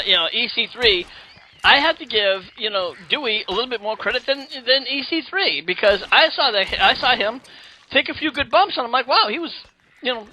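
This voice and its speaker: A man's voice: extremely high pitch, sharp tone, poor audio. A man co-hosting a casual wrestling review chat, earnest and stammering through his opinions. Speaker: co-host.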